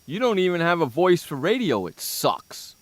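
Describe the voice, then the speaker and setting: A man co-hosting a sports radio show, ranting and hurling mock insults in bursts of loud scorn. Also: high-pitched, big pitch swings, fairly quick, no room sound. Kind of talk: comedic sports talk rant.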